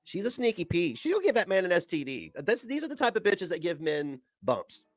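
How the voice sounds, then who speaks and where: A man's voice: high-pitched, huge pitch swings, fairly quick, faint music behind. A man ranting in a crude, boastful way, often breaking into giggles. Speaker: streamer being reacted to.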